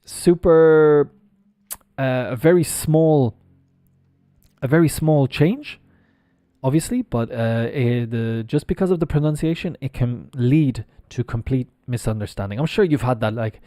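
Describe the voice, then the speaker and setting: A man's voice: medium pitch, lively intonation, measured pace, mellow, dry recording, studio quality. A middle-aged Irish man teaching English pronunciation on a live stream, explaining patiently and spelling words out letter by letter. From Ireland.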